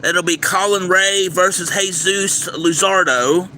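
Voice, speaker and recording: A man with a very bright, fairly high voice reads through a baseball schedule on a livestream, listing matchups one by one and tripping over unfamiliar names. He is outdoors, with faint traffic noise behind him. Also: fairly even intonation, slow. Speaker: livestream host giving baseball picks. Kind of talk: casual livestream commentary. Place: outdoors near a railway. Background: faint traffic and train noise.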